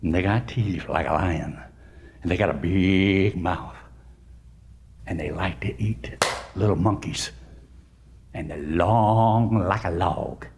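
A man doing a low, slow-talking giraffe. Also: a little mellow, a little hiss or hum. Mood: cautionary. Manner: low, slow, drawn-out warning. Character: tall cautious giraffe warning a monkey.

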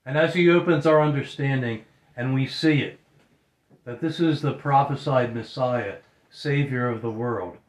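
A man's voice: medium pitch, a little slow. A man preaching a sermon earnestly, often repeating phrases for emphasis. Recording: roomy echo.

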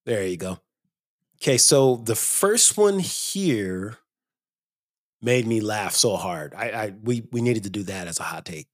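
A man's voice: fairly low pitch, expressive, unhurried, dry recording, studio quality. Opinionated male podcast host. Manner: opinionated, gets heated and emphatic. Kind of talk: casual podcast chat.

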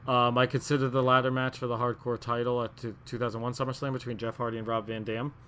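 A man's voice: mid-range voice, little pitch movement, fast talker, a bit bright, a little hiss or hum. A man co-hosting a casual wrestling podcast, rambling through his picks with lots of filler words and restarts. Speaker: podcast co-host. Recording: muffled lo-fi audio.

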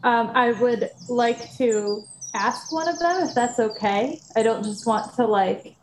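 A woman's voice: a little high, darkish tone, a little hiss or hum. A woman playing a tabletop game, considerate and hedging her words. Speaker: player. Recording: roomy echo.

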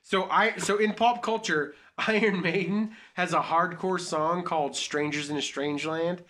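A man hosting a podcast in casual chat, excitable, joking and swearing a lot. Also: high-pitched, measured pace. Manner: excitable, profane, jokey. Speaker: podcast host.

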